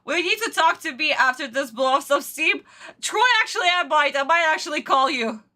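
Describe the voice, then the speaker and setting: A woman's voice: high-pitched, animated, brisk, pushed and bright. A young adult woman streaming an episode reaction, ranting and swearing in exasperated outbursts. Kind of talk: casual livestream reaction.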